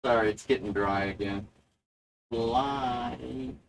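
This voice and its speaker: A man delivering a provocative monologue to the viewer, sardonic and deliberate, halting often to find his words. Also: medium pitch, fairly even intonation, vocal fry, slight background noise, low-quality recording. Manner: mock-lecturing, talks straight to the viewer. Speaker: video essayist.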